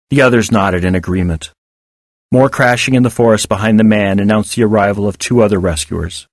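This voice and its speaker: A man narrating a serialized children's story as an audiobook with expressive storytelling. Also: on the low side, a little fast, no echo, clean studio sound. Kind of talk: audiobook reading of serial fiction.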